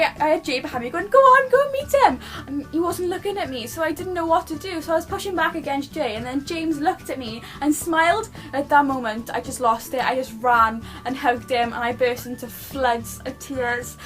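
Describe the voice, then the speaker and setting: High-voiced gushing young woman vlogger. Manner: gushing, rambling, many restarts. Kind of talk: excited personal storytelling.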